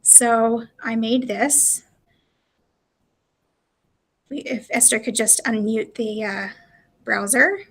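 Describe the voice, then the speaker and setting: Woman presenter, live demo walkthrough, bright sharp voice, fairly high, chatty with fillers. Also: takes it slowly, long pauses. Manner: explanatory, chatty, with frequent fillers.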